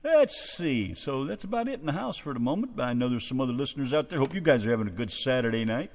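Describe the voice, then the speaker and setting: A man's voice: medium pitch, quick pace. An American man co-hosting an internet radio show on a headset, joking rowdily with listeners in the chat. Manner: jokey, animated, rowdy.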